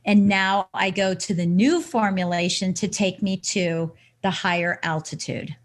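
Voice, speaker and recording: A woman's voice: mid-range voice, unhurried. A woman guest on a podcast, a coach explaining her ideas and acting out scenarios with quoted self-talk. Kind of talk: casual interview chat.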